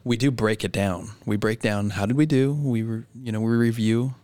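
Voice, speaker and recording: A man's voice: lowish voice, moderate pace, a little mellow, smooth. A man co-hosting a podcast in casual chat, playful and laughing often. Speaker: podcast co-host.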